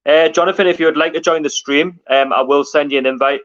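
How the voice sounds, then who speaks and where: A man's voice: a little high, fairly even intonation, fast talker, a bit bright. A man hosting a casual live stream, chatting with guests and reading out viewer comments. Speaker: livestream host. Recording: dull lo-fi stream audio.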